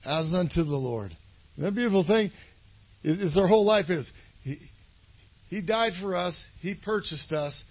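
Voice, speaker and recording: A man's voice: high-pitched, normal speed, long pauses, muffled recording. Rambling, conversational male pastor. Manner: conversational, rambling, asks for agreement. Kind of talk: casual sermon.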